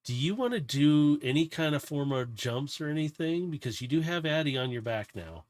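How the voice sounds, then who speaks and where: A man's voice: on the high side, lively intonation, normal speed, no echo. A man narrating as game master of a tabletop game, loose and rambling with restarts.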